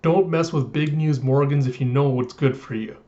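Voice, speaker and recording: A man voicing a loud, greedy bird-man newspaper boss with brash, showy boasting, on a dull lo-fi recording. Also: mid-range voice, steady tone, moderate pace, close to an everyday voice.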